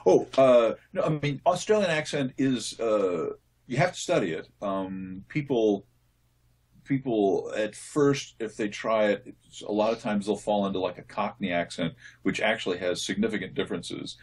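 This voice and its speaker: A man, a voice actor, answering interview questions in a relaxed, thoughtful way, often restarting his sentences as he explains. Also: fairly low pitch, normal speed, slightly rough. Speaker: voice actor guest.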